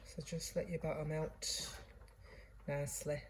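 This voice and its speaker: Woman w a low voice talking through a recipe, chatty, pokes fun at herself, bit of faint noise behind. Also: flat delivery, measured pace, low-quality recording. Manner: chatty and self-deprecating, talks to viewers. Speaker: cooking channel host. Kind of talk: casual cooking demonstration. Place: kitchen away from home.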